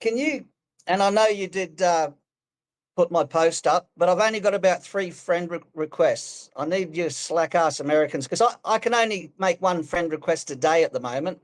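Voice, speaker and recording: An Australian man with a slightly high voice, trading crude, self-mocking jokes and laughing often. He talks loosely, in a casual chat. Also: moderate pace. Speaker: podcast co-host. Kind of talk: casual banter.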